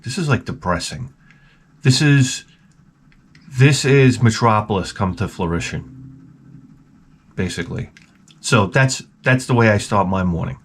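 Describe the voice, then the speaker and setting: A man hosting his own video, telling work stories in a wry, rambling way with crude asides. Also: lowish voice. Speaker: video host. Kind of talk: casual rambling monologue.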